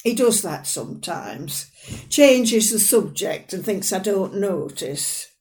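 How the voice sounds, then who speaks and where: A woman performing a dramatic monologue as a fussy, proud, sharp-tongued elderly northern mother with a dry, plain-spoken manner. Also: mid-range voice, lively intonation, takes it slowly. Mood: wry.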